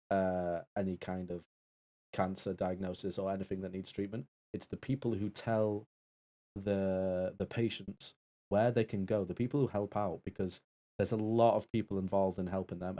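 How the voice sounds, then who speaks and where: A man with a fairly low voice talks into his stream mic, making a sincere appeal. He rambles and restarts, but the tone stays earnest. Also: mellow. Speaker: co-host and Taskmaster assistant.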